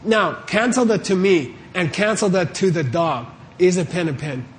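Before a live audience in a warm room, a high-voiced man speaks at moderate pace, with a little background noise, delivering an informal Buddhist teaching. His style is chatty, full of questions for listeners and frequent "okay?" and "right?" check-ins.

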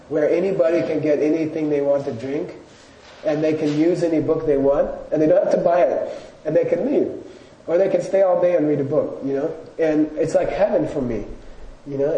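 A Buddhist teacher gives a casual, storytelling lecture to a live audience, his slightly higher, mellow voice loose and chatty with fillers at a moderate pace. The mic is distant in an echoey room, making the sound muffled with faint hiss.

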